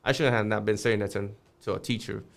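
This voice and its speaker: This guy's voice is lowish and creaky, with fairly even intonation, and he moves quickly. Appearing on a podcast, he casually recounts something that happened on the street, profanity and all, voicing each person in the tale.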